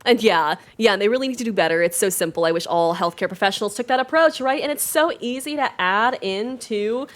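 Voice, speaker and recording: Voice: medium pitch, fairly quick, hardly any pauses, a bit bright. A nonbinary livestreamer chatting casually and earnestly while gaming, rambling with many fillers. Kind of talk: casual chat while playing a game.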